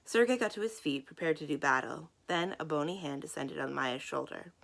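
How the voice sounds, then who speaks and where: A woman's voice: deep voice, brisk, gravelly, a bit bright. A woman librarian reading a children's novel aloud, giving the characters their own voices. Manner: acts out the characters' lines in voices. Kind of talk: children's book read-aloud.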